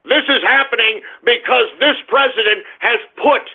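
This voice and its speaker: Brash shouting talk radio man. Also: normal speed, vocal fry. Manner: brash, shouting, profane, swinging loud to low. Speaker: radio show host. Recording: phone-like narrow band.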